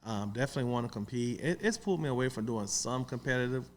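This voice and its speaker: A man who runs a barbecue restaurant, chatting casually on a podcast in a relaxed way that trails off with little fillers. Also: mid-range voice, quick pace, a little hiss or hum. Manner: easygoing, trailing off with "you know". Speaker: pitmaster and restaurant owner.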